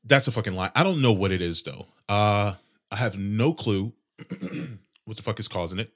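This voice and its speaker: A young man in his twenties hosting a casual solo podcast, rambling and sarcastic with heavy swearing, his nose congested and clearing his throat. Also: fairly low pitch, moderate pace, a bit bright. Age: 20s. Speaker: podcast host.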